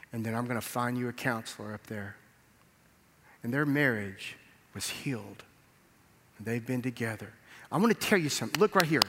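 A man's voice: medium pitch, fairly bright tone. A male pastor preaching a sermon, telling a story and acting out the dialogue, with emphatic rises in volume. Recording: reverberant hall.

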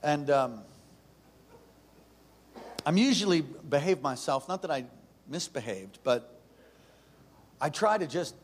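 A middle-aged man preaching a sermon, intense and animated, telling stories and jumping into high voices for characters. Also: slow, pauses often, slightly rough.

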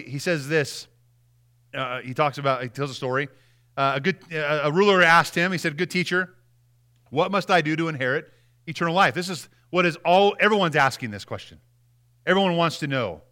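Young male pastor, talky sermon delivery, bright tone with a fairly high pitch. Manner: conversational preaching, acts out quiet apologies.

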